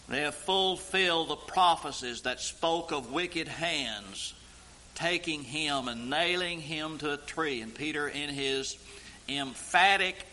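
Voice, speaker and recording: Male preacher, slow deliberate delivery, bright ringing tone, emphatic sermon cadence. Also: on the high side, low-quality recording. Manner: slow, rising to intoned emphatic peaks.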